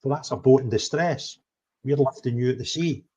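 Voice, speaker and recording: A man telling of his travels in an animated livestream chat, blunt, swinging between loud outbursts and low mutters. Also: normal speed, slightly rough. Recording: dull lo-fi stream audio.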